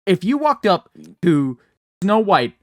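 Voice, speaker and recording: A man's voice: high-pitched, very animated, takes it slowly, no room sound, clean studio sound. A man co-hosting a podcast in casual chat, rambling and swearing freely, laughing often. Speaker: podcast co-host.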